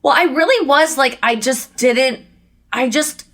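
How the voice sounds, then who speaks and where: A woman's voice: high-pitched, a little slow. A woman hosting a podcast in casual chat, telling stories with lots of animation, acting out what people said and laughing as she talks. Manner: animated storytelling, acts out people's lines; laughs often while talking. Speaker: podcast host.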